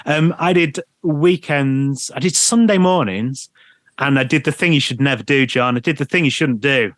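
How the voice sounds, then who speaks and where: Man, radio presenter, animated storyteller, chuckles often, dry close mic. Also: medium pitch, moderate pace, no echo. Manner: animated anecdotes, laughs often, mimics people. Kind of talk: storytelling interview chat.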